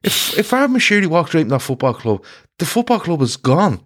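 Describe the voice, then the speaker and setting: A man's voice: fairly high pitch, fairly quick. Give me a man ranting in casual football talk, full of "right?" and swearing. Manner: animated rant, frequent "right?" tags and swearing.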